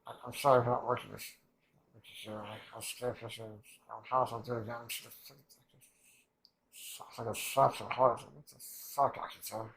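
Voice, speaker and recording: A man's voice: mid-range voice, flat delivery, brisk, gravelly, a crowd in the background, poor audio. A man reacting to an anime episode in rambling, emotional casual commentary, swearing often and restarting his sentences.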